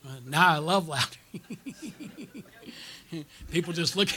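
A pastor preaching a conference sermon, telling stories and drawing call-and-response from the congregation with frequent "okay?" and "amen?" checks. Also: male voice, fairly high pitch, quick pace, bright, forceful tone. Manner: storytelling with audience call-and-response.

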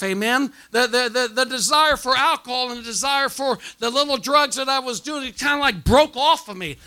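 A man preaching a revival sermon, punctuating his points with amens and calls for response, and dropping to a hushed tone when he tells his own story. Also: sits high. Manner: drops quiet and hushed when telling his testimony. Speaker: pastor.

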